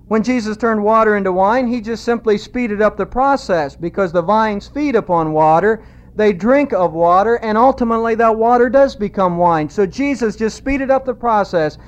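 A man with a high voice preaches a sermon and stresses each point by repeating it. He slows down for quoted verses. The recording sounds dull and lo-fi. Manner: emphatic, repeats key phrases, slows for quotes.

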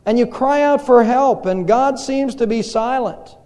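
A male pastor preaching a sermon in a church, telling stories slowly and dramatically with pauses. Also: very high voice, a little mellow. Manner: slow, dramatic storytelling with pauses. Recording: reverberant hall.

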